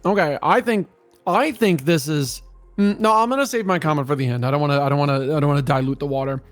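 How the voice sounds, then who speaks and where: A man's voice: a little high, fast talker, faint music behind. A man co-hosting a stream, chatting and joking in a playful, giggly way. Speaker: co-host of a stream reading a document. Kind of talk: casual joking stream chat.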